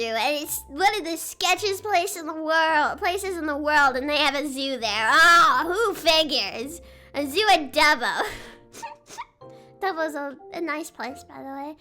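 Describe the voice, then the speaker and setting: A woman streamer chatting casually, excitable and giggly, rambling as she reacts to videos. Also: high-pitched. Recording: faint music behind.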